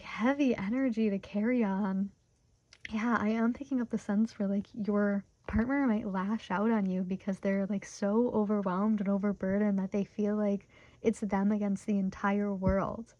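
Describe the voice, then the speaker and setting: Tarot reader in her twenties, mellow tone, chatty and filler-heavy, dull lo-fi recording. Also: mid-range voice, no room sound. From Michigan, USA. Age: 20s. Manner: emotionally open, talks through her feelings. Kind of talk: casual pick-a-card tarot reading.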